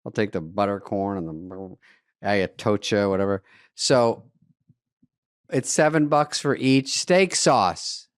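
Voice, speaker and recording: A man's voice: fairly low pitch, slow pace, dry recording, studio quality. A middle-aged man co-hosting a podcast, telling comic stories in casual chat, acting out both sides of phone calls with swearing and laughter. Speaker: co-host. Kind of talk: casual comedic storytelling.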